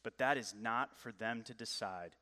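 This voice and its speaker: A grave old wizard , as a preacher puts him on, speaking low, slow and calm. The voice drops well below his usual pitch and rolls out in a long hall reverb. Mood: solemn.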